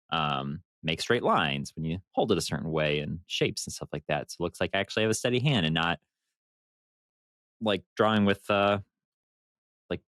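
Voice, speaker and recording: Here a low-pitched man speaks in clean studio sound without room noise. Co-hosting a podcast, he chats casually and rambles through long, animated stories, swearing now and then.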